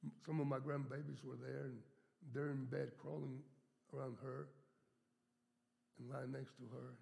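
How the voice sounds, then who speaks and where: A man's voice: mid-range voice, flat delivery, normal speed, gravelly, a little mellow. A man in his seventies preaching a sermon as a guest speaker. He tells stories and stretches key words for emphasis. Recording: long hall reverb.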